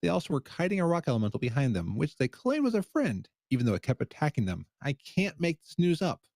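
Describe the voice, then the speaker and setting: Deadpan man reading mock news. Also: a little high, quick pace, vocal fry, no echo. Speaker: segment host. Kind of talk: scripted comedic news segment.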